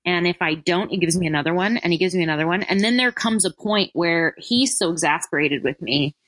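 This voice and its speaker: Woman guest, lowish bright voice, chatty and self-deprecating, close dry mic. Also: brisk, no echo. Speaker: interview guest. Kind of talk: casual conversational interview.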